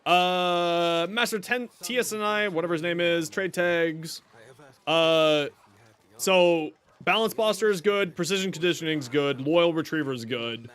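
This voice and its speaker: Chatty high-voiced male streamer. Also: a little slow, fairly bright tone, clean tone. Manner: chatty storyteller who laughs often. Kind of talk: casual gameplay commentary.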